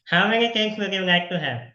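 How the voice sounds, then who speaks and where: A man hosts a casual interview over a video call, talking in a chatty, upbeat way and laughing easily. His voice sits a little high and sounds bright, while the call audio comes through echoey and dull.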